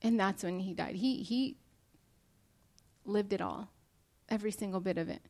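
A woman's voice: medium pitch, normal speed, a little mellow. A young woman preaching a sermon to her church, earnest and emotional as she speaks to the congregation.

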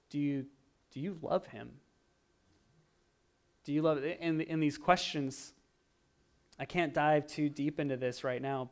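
A man preaching a sermon, animated, swinging from loud emphasis to hushed, quiet asides. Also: a little high. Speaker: pastor.

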